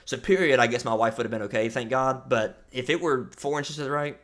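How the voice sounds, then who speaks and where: A young man co-hosting a casual podcast, telling stories and laughing loudly at his own jokes. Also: mid-range voice, brisk. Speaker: podcast co-host. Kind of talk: casual chat.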